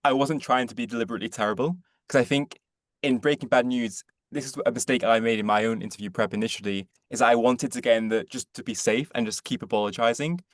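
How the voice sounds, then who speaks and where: Quick-talking young man with dry sound. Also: medium pitch, steady tone, no room sound. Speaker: webinar presenter. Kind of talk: reflective explanation in a webinar.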